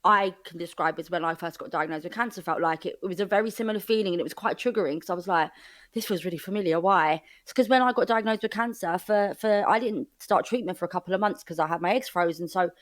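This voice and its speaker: A woman, talking openly and a little emotionally as a podcast guest from her flat, rambling with likes and restarts. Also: on the low side, fast talker, few pauses. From England. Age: 30s. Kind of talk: casual interview chat. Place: home flat.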